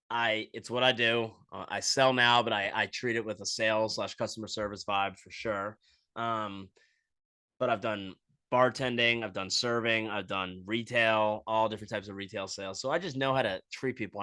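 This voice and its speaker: On his podcast, a male host delivers a crude, animated comedic monologue, acting out little scenes as he rambles. His voice is on the low side yet bright and forward, recorded close and dry with no room sound or echo.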